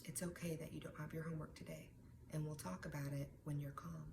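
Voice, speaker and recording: A kind, steady schoolteacher , as a woman puts her on, speaks low and hushed to calm an upset pupil. Her voice is deep for a woman and unhurried. It rings in an echoey room with steady background noise. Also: gravelly. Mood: soothing. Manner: soft, slow, soothing and hushed.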